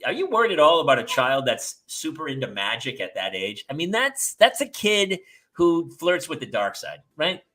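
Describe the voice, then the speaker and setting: A man hosting a casual comedy chat, talking in an animated, jokey way. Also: a little high, moderate pace. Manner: animated, jokey, jumps into silly voices. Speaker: host.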